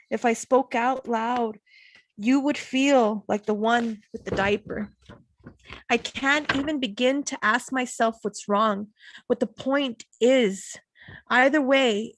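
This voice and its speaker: A woman reading her own poetry at an online open mic from home, slow and measured, pausing between lines. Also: a little high, no room sound.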